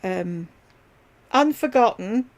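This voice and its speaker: A woman rambles easily through a casual livestream from home, talking straight to her viewers by name. Her mid-pitched voice has a steady gravelly fry running under it. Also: slow. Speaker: livestream host chatting with viewers.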